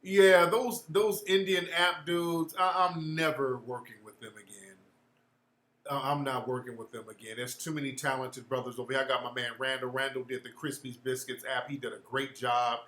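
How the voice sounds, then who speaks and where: A man's voice: mid-range voice, flat delivery, normal speed, fairly bright tone, reverberant. A man hosting a casual livestream chat, answering viewers in a blunt, slangy, profane way.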